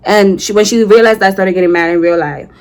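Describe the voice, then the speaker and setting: A young woman in her twenties telling a storytime while doing her makeup, slangy and animated, acting out heated quotes. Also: mid-range voice, fast. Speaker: vlogger.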